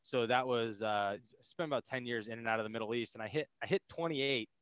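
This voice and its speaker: A man in his thirties from the United States, a podcast guest telling his story in an energetic, casual way and acting out other people's lines. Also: medium pitch, brisk, clear, resonant tone, no room sound. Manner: energetic, laughing, acts out quotes. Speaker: podcast guest, military veteran.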